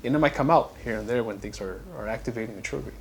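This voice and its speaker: A man's voice: lowish voice, very fast, creaky, a little hiss or hum. A man, a podcast guest, explaining mental health patiently with examples in a casual conversation. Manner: explains patiently with examples, acts out quoted lines.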